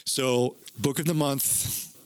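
A man's voice: mid-range voice, steady tone, slow pace, clean tone, dry recording, clean studio sound. A man hosting a casual podcast chat, talking in an earnest, teacherly way and swearing now and then. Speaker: podcast host.

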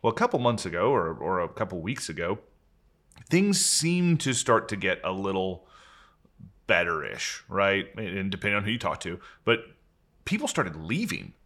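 A man's voice: sits low, sing-song, a bit bright. A man leading a company, candidly telling a long story on a video call in an earnest way, often restarting his sentences. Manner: earnest, frequent restarts, speeds up and slows down. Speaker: company leader and podcast host.

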